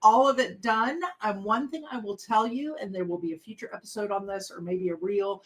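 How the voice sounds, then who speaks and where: A woman's voice: mid-range voice, fairly quick, low-quality recording. A middle-aged woman co-hosting a podcast, chatting casually and rambling with lots of fillers. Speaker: podcast co-host. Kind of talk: casual chat.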